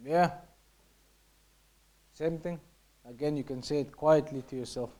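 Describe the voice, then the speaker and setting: A mellow, rather high-pitched man teaches Islamic law at a slightly slow pace, reading passages and explaining them in English. Repetition runs through his lesson, and he sometimes lowers his voice almost to a whisper to show how something is said.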